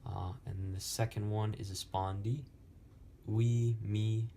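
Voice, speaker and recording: A young man slowly explaining Latin poetic meter in a lesson, with many pauses and fillers. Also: sits low, level tone, creaky, warm tone, slight background noise. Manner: slow, halting, many fillers. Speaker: Latin tutor.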